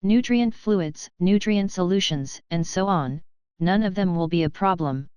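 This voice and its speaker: A woman reading the part of a calm, self-assured young man in an audiobook, speaking softly and evenly. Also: fairly low pitch, a little slow, clear, resonant tone, no room sound, lightly acted. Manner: soft, even delivery.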